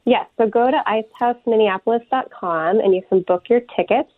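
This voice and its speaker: A woman's voice: fairly high pitch, a little fast, no echo. A woman musician, a guest on a phone interview, talking reflectively with many ums. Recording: tinny phone line, dry.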